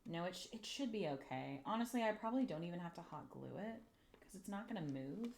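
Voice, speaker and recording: Fairly low-pitched, creaky, and darkish, this woman streamer's voice is expressive and fairly quick over slight hiss or hum. While crafting on a casual livestream, she's jittery, curses often, and talks to herself and whatever she's handling.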